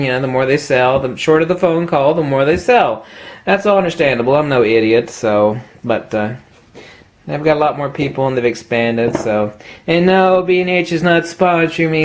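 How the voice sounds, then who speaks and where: A man telling a story in a casual, rambling rant, exasperated and full of fillers as he talks to his viewers. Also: medium pitch. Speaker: photography vlogger.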